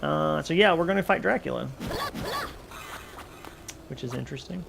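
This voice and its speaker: Rambling gravelly man streaming a game. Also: a little high, normal speed, heavy background noise. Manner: rambling, joking, answers chat. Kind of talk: casual chat while playing a game.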